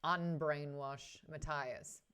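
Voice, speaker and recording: A woman hosting a casual book discussion, chatty and animated, swearing freely and laughing often. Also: sits low, slow pace, clear, resonant tone. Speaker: host.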